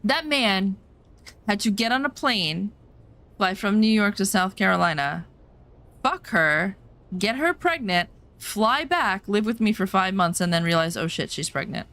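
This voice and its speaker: Woman gaming streamer, casual and outspoken, mid-range voice with a crisp brightness. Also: medium pitch, expressive, a little slow. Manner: blunt, emphatic personal storytelling with some swearing. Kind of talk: casual chat over gameplay.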